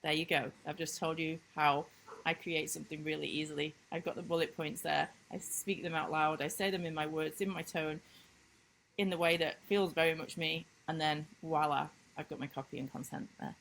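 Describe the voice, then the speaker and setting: A woman business coach in a casual talking-head vlog, recapping lessons with emphatic enthusiasm and sudden upward leaps in pitch. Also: fairly even intonation, moderate pace, creaky, fairly bright tone, a little hiss or hum, rough recording. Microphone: computer screen-recording mic.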